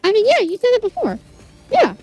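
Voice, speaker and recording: A very high, animated voice tells a story to a livestream chat, exasperated and full of swearing. The pitch leaps around constantly, and soft game music plays in the background. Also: brisk, lo-fi sound. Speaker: streamer. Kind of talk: casual chat with viewers.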